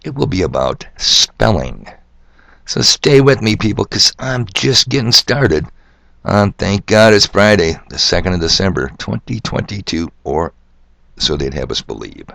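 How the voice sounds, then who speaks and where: Gravelly deep-voiced older man ranting. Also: big pitch swings, a little slow, fairly bright tone, dry recording, clean studio sound. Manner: rambling, sardonic, preachy, with rhetorical questions; spells out words letter by letter. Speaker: podcast host. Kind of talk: solo monologue podcast.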